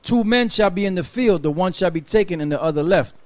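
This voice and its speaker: Man, high-ish voice, scripture reading, measured, dry sound. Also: animated, no room sound. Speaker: scripture reader.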